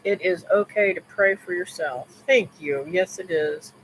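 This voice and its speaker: A woman's voice: fairly low pitch, measured pace, slight background noise, low-quality recording. A woman hosting a live stream, telling a personal story in a casual, rambling way with restarts, asides to viewers and religious remarks.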